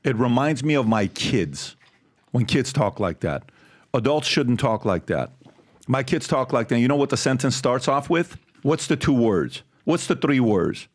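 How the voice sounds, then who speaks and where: A man's voice: mid-range voice, unhurried. A man hosting a casual panel discussion, talking emphatically and telling stories while quizzing the others. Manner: emphatic, animated storyteller who quizzes the panel. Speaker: host.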